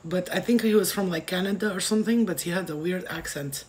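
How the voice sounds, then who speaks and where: A woman's voice: on the low side, fast talker, a little mellow, a little hiss or hum. A woman giving a casual tarot reading in a brash, profane, rambling way, wandering off on tangents. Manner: goes off on tangents. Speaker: tarot reader.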